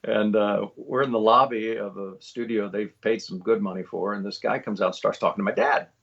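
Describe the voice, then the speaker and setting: A man in his fifties, a voiceover actor, telling lively stories in an interview and acting out the quotes. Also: fairly low pitch, a little fast, vocal fry, husky, muffled recording. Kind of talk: anecdotal storytelling in an interview.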